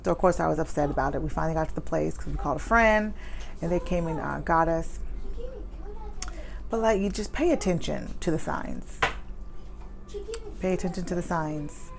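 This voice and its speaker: A woman in her thirties, a mother, telling a personal story at home in a candid, chatty way with lots of fillers, speaking fast. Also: deep voice, vocal fry. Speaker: vlogger. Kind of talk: personal story time, advice to viewers. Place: home with children nearby.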